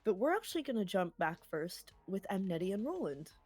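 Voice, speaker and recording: A woman game master recaps the last session with a light, giggly delivery and quick asides. The mic sound is dry and close, with faint music playing beneath her. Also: mid-range voice, sing-song, a little mellow, slightly rough, no room sound. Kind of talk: recapping and running a tabletop game.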